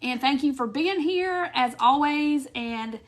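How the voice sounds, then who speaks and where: A high-pitched woman hosts a casual live craft stream. She talks loosely to her viewers and breaks into giggles easily. The sound comes through a phone or webcam mic. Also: animated, slow. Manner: giggly, laughs often while talking. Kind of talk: casual live chat reading viewer comments.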